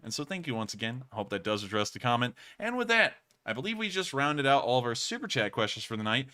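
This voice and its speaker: A man's voice: mid-range voice, pushed and bright. A man hosting a live stream, answering viewer questions in a chatty, rambling way and often correcting himself. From United States. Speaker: host.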